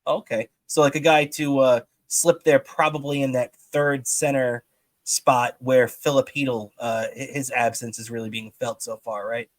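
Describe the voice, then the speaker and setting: A man's voice: medium pitch, steady tone, normal speed, no echo. Casual guy on a sports podcast, rambles w lots of ums, dead dry room. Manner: rambling, many restarts and fillers. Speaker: podcast co-host.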